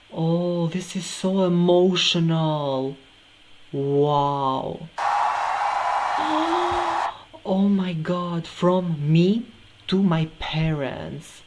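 A man recording a music reaction video. He gushes with repeated exclamations of delight. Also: on the high side. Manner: gushing and effusive, repeating exclamations. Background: faint music from the video being watched.

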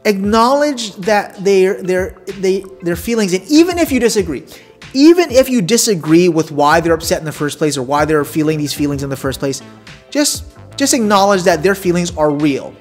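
A man's voice: high-pitched, lively intonation, normal speed, soft background music. A man hosting a video podcast, talking straight to the viewer in a casual, wry way with emphatic asides and rhetorical questions. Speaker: podcast host. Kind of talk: casual explainer monologue. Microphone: desk condenser mic.

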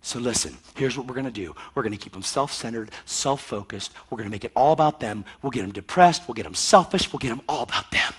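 A man voicing a scheming male devil who huddles his demons and lays out a plan in a low, hushed voice. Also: animated, fast talker, hardly any pauses, slightly rough.

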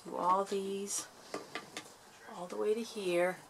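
A woman in her thirties, chatty and gentle, talking through a craft tutorial at home. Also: mid-range voice, little pitch movement, slow. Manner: soft-spoken, chatty, gentle step-by-step guidance.

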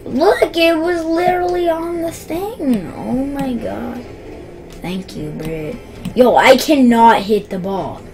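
A young woman giving excitable gameplay commentary, gasping and yelping at every play. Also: sits high, takes it slowly, music in the background. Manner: yelps, gasps and shouts at each play. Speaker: gaming YouTuber.

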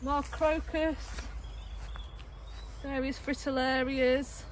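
Brief: woman, slightly high voice, relaxed, chatty plantswoman, faint outdoor noise. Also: takes it slowly. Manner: chatty, easygoing plant descriptions. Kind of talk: casual chat. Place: outdoors in a rural garden.

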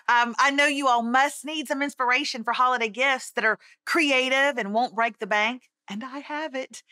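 A middle-aged woman hosting a deals segment, giving a chatty, playful and self-mocking scripted product pitch. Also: bright, forceful tone, no echo, studio quality.

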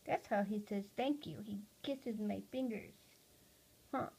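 Slow, soft-cooing woman at home. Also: mid-range voice, creaky, a little hiss or hum, rough recording. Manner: soft, cooing talk to a pet, often hushed. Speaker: pet owner talking to her parrot. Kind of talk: casual home video chat.

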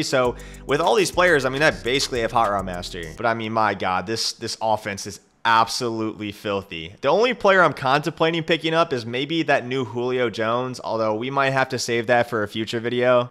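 A man giving live commentary over a football video game, excitable and trash-talking, shouting at his players. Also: medium pitch. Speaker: gaming YouTuber.

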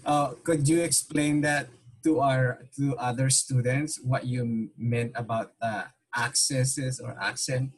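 A man's voice: medium pitch, steady tone, slow, husky. Man, language teacher, online class, patient, repeats questions, switches between two languages. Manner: patient, repeats questions, mixes Tagalog and English. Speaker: Tagalog teacher.

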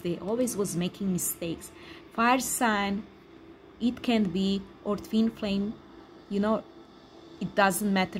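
A woman who speaks English as a second language, giving a tarot card reading in an emphatic, repetitive way with excited exclamations. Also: mid-range voice, slight background noise. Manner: non-native English speaker. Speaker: tarot reader.

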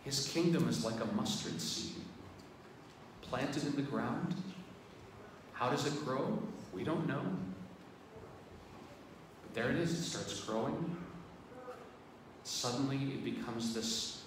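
A man's voice: mid-range voice, slow pace, long pauses. A man, a priest, giving a sermon in a conversational way and speaking straight to the congregation. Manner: conversational, addresses the congregation directly. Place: large church. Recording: very echoey church, distant mic, background noise.

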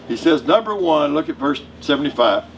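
A male pastor with a Southern US accent preaches a sermon to his congregation in a church sanctuary, conversational and joking. His voice is a little high and a little fast, with lively intonation, picked up by a distant mic with faint room noise.

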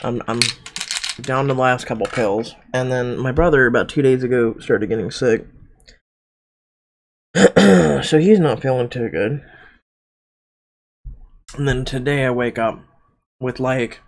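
A man's voice: medium pitch, measured pace, pauses often. Congested man with a frog in his throat. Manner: keeps clearing his throat, rambling with fillers. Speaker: YouTuber reading a story game. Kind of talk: casual chat to viewers.

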